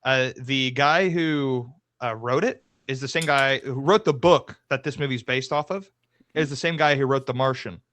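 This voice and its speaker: A young man in his twenties co-hosting a movie podcast with a bright, forceful voice. He talks casually, swears freely and breaks into laughter. The sound is dry and close, from a remote call. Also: medium pitch, moderate pace, dry recording. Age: 20s. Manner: animated, profane, laughs often. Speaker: podcast co-host. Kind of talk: casual chat.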